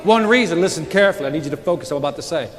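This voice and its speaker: A man's voice: fairly high pitch, animated, rapid-fire, slight background noise. A man giving a motivational sales keynote, joking and questioning the crowd with lots of energy. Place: large conference hall. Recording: reverberant hall with audience. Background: audience laughter and murmur.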